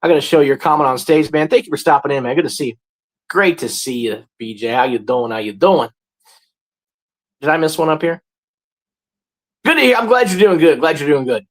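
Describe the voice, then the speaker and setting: A man in his forties hosting a casual livestream, greeting viewers and chatting about sports, often jumping into loud, high bursts. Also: brisk, long pauses, rough recording. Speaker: livestream host.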